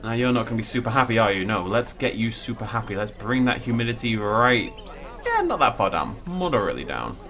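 A man's voice: fairly low pitch, very animated, brisk, a bit bright. A man giving casual, playful commentary while he plays a video game, full of jokey asides. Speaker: let's play host.

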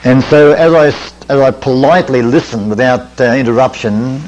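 A man's voice: mid-range voice, moderate pace, darkish tone, dull audio. Older New man preaching anecdotes. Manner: folksy anecdotal, self-deprecating asides. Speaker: camp meeting preacher. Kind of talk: sermon storytelling. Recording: 1980s radio-quality recording.

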